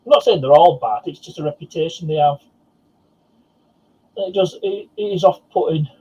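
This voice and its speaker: A man taking part in a casual live-stream chat over a video call, talking in a matter-of-fact, measured way. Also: on the high side, dark tone, husky, muffled recording.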